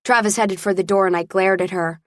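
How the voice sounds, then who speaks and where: A woman narrates a first-person audiobook with a steady, expressive storytelling delivery. Her mid-range voice moves briskly, and there is no echo.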